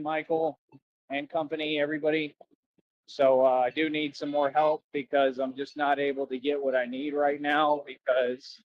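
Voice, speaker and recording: A slightly high-pitched man livestreams outdoors beside a road, his voice muffled and free of room sound. He rambles and repeats himself, saying "that's right" again and again as he chats with viewers and asks them for donations.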